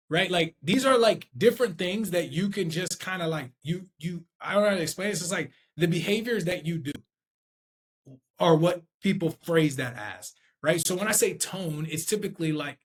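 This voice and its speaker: A man's voice: a little high, a bit bright. A man teaching sales as a trainer, in unscripted talk, thinking aloud and checking in with the listener as he goes. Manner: conversational, checks in with "okay?" and "right?"; thinks aloud with restarts, demonstrates tones.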